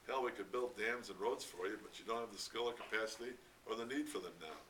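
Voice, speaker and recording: A man voicing a gruff older American construction engineer who speaks bluntly and swears impatiently, read from a distance with faint noise. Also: fairly low pitch, quick pace, a bit bright, lightly acted.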